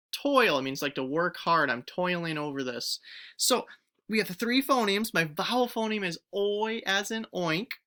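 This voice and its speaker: A woman teacher giving a recorded phonics lesson to young pupils, stretching out each word sound clearly and encouraging the children to join in. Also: lowish voice, bright, forceful tone. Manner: encouraging, speaks directly to children.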